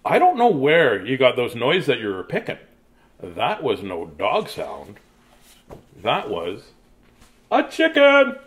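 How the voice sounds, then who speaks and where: A man's voice: mid-range voice, wildly swooping pitch, takes it slowly, long pauses, fairly bright tone, heavily acted. A man voicing a bossy female dog who coaches a friend, in an emphatic, teasing storybook voice.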